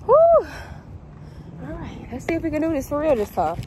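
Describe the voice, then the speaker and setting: A young woman vlogging outdoors, unboxing on camera, loud and playful and out of breath. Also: high voice, big pitch swings, fast. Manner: loud, playful, laughing, talks straight to viewers. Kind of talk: casual unboxing vlog. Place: outdoors in wind. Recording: outdoor phone audio with wind noise.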